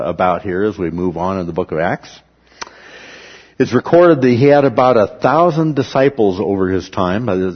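Man, Bible study teacher, low husky voice, explains and keeps asking "okay?", muffled recording. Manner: explanatory, checks in with "okay?" often.

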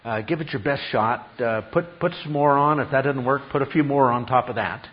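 Through dull-sounding audio, a medium-pitched pastor delivers a sermon at a fairly quick pace. He leans on repetition and asks the congregation questions, hammering his points with emphasis.

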